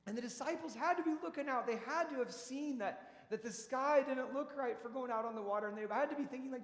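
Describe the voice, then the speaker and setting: A pastor with a high voice for a man preaches in a folksy, chatty way, stumbling and restarting as he tells his stories. His words ring out through a roomy church hall with a long reverb. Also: fast, hardly any pauses. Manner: folksy storytelling with frequent restarts. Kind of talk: conversational sermon.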